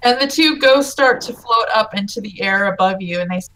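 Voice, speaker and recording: A woman narrating as game master in a tabletop game, chatty and quick to laugh. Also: medium pitch, fairly bright tone, low-quality recording.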